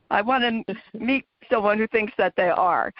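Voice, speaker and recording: A woman's voice: on the high side, slow pace, dry recording, lo-fi sound. A woman hosting a show for caregivers, chatting in an encouraging way with her guest. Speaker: podcast host for caregivers. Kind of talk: interview conversation.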